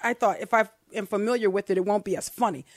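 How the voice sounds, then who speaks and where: A woman's voice: medium pitch, fairly even intonation, quick pace, dry recording, studio quality. A woman hosting a faith podcast, chatting casually and animatedly, often giggling while she reads aloud. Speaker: podcast host. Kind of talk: casual chat about faith.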